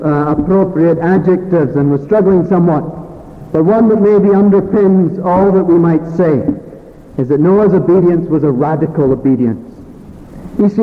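A man preaching a sermon in an earnest way, pausing often with fillers and restarts. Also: sits high. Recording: phone-like thin sound with long hall reverb.

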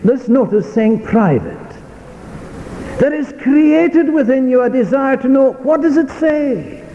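A man's voice: very high voice, a little slow, mellow, slight background noise. A male preacher delivering an emphatic sermon, repeating key phrases for stress. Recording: dull lo-fi sermon tape with long hall reverb.

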